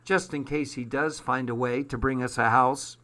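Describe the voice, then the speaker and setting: A man voicing a young, anxious, eager girl in a storybook reading, asking high, worried questions. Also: fairly even intonation, normal speed, bright, forceful tone, natural voice.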